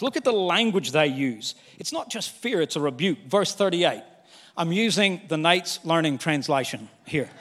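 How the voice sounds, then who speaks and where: An older man preaching a sermon as pastor, candid and animated, with humor and acted-out quotes. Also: sits high. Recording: long hall reverb.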